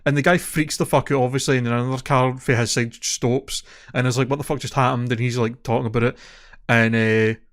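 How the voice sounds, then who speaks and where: A man's voice: medium pitch, steady tone, brisk. A man co-hosting a casual podcast, retelling a story and swearing freely as he gets worked up. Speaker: podcast co-host. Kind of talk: casual chat.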